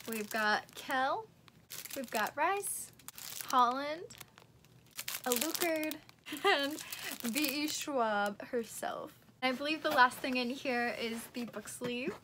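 A woman's voice: a little high, a bit bright, slight background noise. A young woman chatting casually as she unboxes book merchandise, gushing and easily awed.

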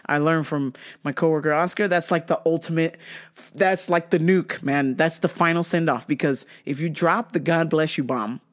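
A young woman hosting a show, telling a profane, animated story with frequent laughter. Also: low voice, normal speed. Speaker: show host. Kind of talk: casual storytelling.

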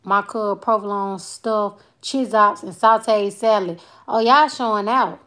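A woman's voice: medium pitch, fairly even intonation, a little slow, a bit bright. A woman in her twenties with a Southern Alabama accent hosts a casual livestream. She talks loosely and playfully, sprinkling in Southern slang as she answers comments from her viewers. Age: 20s. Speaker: comedian and livestream host.

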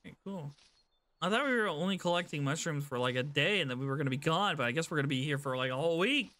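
A man's voice: a little high, expressive, fast, pushed and bright. A young man streaming a game, chatting casually and playfully as he plays. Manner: playful, rambling, sings silly ditties. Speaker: gaming streamer. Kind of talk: casual let's-play commentary.

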